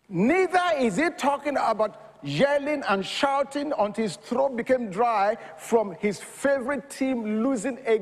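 A man preaching a sermon, reading scripture quietly and then building to loud, shouted examples. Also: very high voice, in a large hall.

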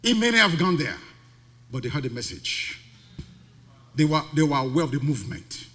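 A man's voice: a little high, very animated, normal speed, a bit bright. A male pastor preaching a sermon, emphatic and full of rhetorical questions. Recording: long reverb of a large hall.

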